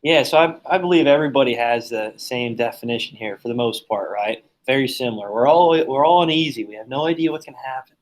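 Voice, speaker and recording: A man's voice: medium pitch, fast, hardly any pauses, low-quality recording. A man teaching a classroom lesson in a casual, joking, chatty way, telling stories and teasing his students.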